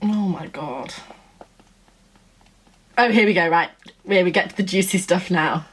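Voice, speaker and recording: Chatty woman, lowish voice. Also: fairly quick, fairly bright tone. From Nottingham, England. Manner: chatty, gushing, acts out quotes. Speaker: vlogger. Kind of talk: casual storytelling chat.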